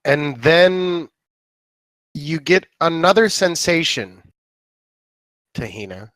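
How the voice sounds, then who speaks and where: A man narrating as dungeon master, telling the story in a slow, drawn-out way. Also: fairly high pitch, big pitch swings, a bit bright, no room sound. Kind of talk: narrating a tabletop game.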